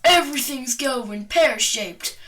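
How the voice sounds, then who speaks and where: A woman playing a cheeky little mushroom creature, loud and taunting, with goofy popping noises. The voice sits high and bright, a bit far from the mic. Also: animated, slow pace, exaggerated voice. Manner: taunting, with goofy sound effects.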